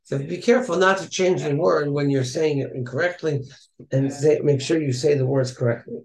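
A man with a somewhat high voice leads a casual study class. He chants Hebrew passages in Ashkenazi pronunciation and then explains them in everyday English. The room is echoey. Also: steady tone, a little fast, a little mellow. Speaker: teacher of a text-study class.

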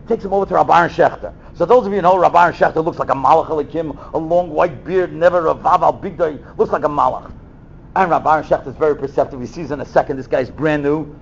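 High lively guy telling a story in a sermon, kinda muffled recording. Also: fast, gravelly, slight background noise. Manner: animated storyteller acting out voices. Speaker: rabbi giving a talk. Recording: dull lo-fi recording.

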